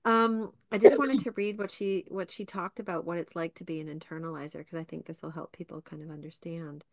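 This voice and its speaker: A woman with a somewhat low voice hosts a casual podcast, chatting with animation and reading book passages aloud. The sound is close and dry. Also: fairly quick, dry recording. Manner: animated, laughing, reads book excerpts. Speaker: podcast host.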